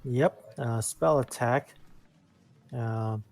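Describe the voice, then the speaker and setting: A man's voice: medium pitch, very slow, creaky, a little mellow, soft background music. A man playing a tabletop game, wry and self-deprecating, thinking aloud with many hesitations. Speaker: player. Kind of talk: casual tabletop play.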